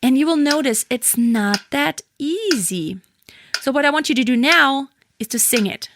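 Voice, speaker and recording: A woman's voice: high voice, animated, normal speed, noisy background. Woman singing teacher counting beats. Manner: counts and sings syllables to a metronome between explanations. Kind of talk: vocal lesson with sung demonstrations. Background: metronome clicks.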